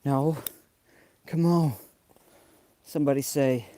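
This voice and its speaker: The speaker is a livestream host from New York, chatting loosely with viewers during an outdoor snowy vlog while a bit out of breath from walking. His medium-pitched voice is dark and fairly even, delivered slowly in a dry recording.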